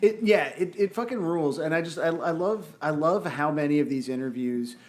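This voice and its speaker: A man's voice: fairly high pitch, brisk. A young man hosting a podcast in casual chat, rambling and swearing and restarting his sentences often. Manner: rambling, profane, restarts a lot. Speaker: podcast host.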